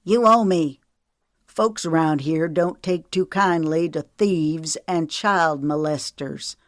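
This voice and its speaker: A woman doing a sneering, drawling male thief from an audiobook. He talks slow and sly, menace under every word. The voice sits low and is recorded close and dry. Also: creaky, dry recording, exaggerated voice. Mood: snarling.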